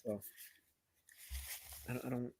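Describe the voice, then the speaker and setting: A man hosting a livestream, teasing his chat and guest in casual banter, swinging from loud outbursts to mumbled asides. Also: slow pace, no echo. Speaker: livestream host.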